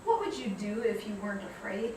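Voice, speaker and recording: A woman's voice: medium pitch, sing-song, recorded from a distance, noisy background. Woman speaking in an echoey hall. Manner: reflective, storytelling, measured. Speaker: guest speaker. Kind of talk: public talk. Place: lecture hall.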